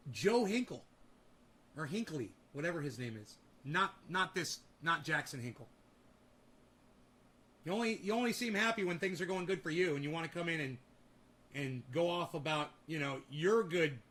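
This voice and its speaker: A man with a high, bright voice who rants at his livestream chat. His tone is heated and profane, and he snaps back at commenters while he keeps talking. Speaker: streamer host.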